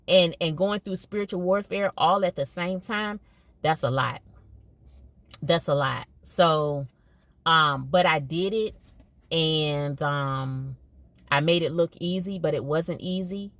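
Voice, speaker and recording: A woman's voice: sits low, slow, a bit bright, no room sound. A middle-aged woman talking casually to her viewers, emphatic and conversational, often repeating herself for emphasis. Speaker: podcast host and educator. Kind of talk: casual monologue.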